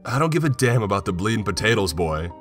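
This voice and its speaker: A man voicing a frail, stubborn old grandfather with a low, hoarse voice. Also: sing-song, fast talker, faint music behind. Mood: snapping.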